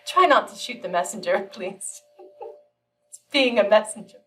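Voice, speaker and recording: A woman giving a channeled spiritual teaching, telling a parable in a calm, measured way with frequent pauses. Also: medium pitch, far from the mic, soft background music, rough recording.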